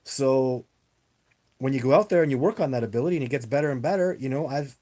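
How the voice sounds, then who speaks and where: A man's voice: mid-range voice, animated, fast talker, mellow. A man hosting a casual livestream and answering viewer questions in a rambling, emphatic way, speaking into a webcam. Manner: rambling, emphatic, repeats himself. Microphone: webcam on a live video stream.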